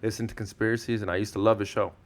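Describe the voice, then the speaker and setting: A man in his thirties, Spanish his first language, telling stories on a podcast in a loose, slangy way. He swears freely and acts out the people in his stories, his pitch climbing high when he gets excited. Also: rapid-fire. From Mexican-American, Southern California. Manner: animated storyteller, slangy, swears, acts out quotes. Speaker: podcast guest. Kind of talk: casual podcast storytelling.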